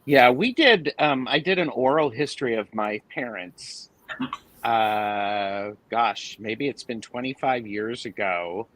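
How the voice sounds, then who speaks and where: A man's voice: mid-range voice, slow pace, a bit bright, slight background noise, rough recording. A man chatting casually, responding with encouraging remarks and telling about his big family. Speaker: guest tarot reader. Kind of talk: casual chat.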